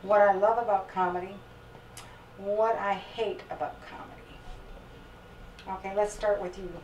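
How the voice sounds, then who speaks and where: A woman's voice: medium pitch, level tone, moderate pace, a little mellow, far from the mic, muffled recording, a little hiss or hum. A woman interviewer putting a question to the guests and directing who answers. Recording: echoey room from afar.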